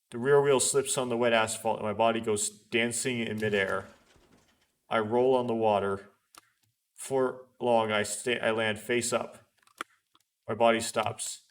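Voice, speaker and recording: Man reading a visual novel aloud. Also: medium pitch. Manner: earnest dramatic reading with small restarts and wry asides. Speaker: let's play host.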